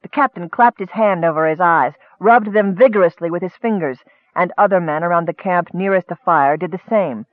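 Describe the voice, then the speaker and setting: A man narrating a fantasy story in steady storytelling, lifting his voice for action. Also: sits high, brisk, hardly any pauses, no room sound. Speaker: audiobook narrator. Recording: dry, tinny phone-like sound.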